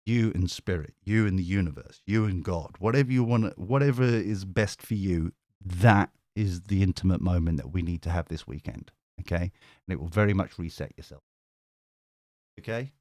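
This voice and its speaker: A man's voice: low-pitched, normal speed, a little mellow, no echo, studio quality. Rambling British man reading tarot. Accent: British English. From Britain. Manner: rambling, chatty, swears casually, gets sidetracked. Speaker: tarot reader. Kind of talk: live-streamed tarot reading and chat.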